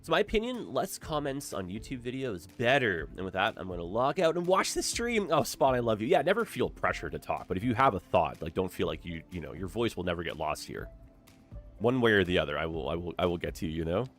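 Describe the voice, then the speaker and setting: A man's voice: low-pitched, big pitch swings, fast, fairly bright tone, faint music behind. A young man chatting casually while live-streaming a city-building game, upbeat and full of "like" and "eh?".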